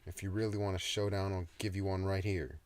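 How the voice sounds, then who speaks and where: A man voicing a brash, hot-tempered young woman captain in a read-aloud story, loud and cursing. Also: deep voice, little pitch movement, brisk, close to an everyday voice. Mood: angry.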